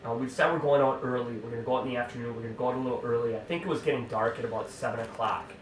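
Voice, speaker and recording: A man telling an animated, exasperated hunting-camp story in a casual way, full of fillers and asides. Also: medium pitch, very fast, a little hiss or hum. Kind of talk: casual spoken anecdote. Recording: roomy sound from a distant mic.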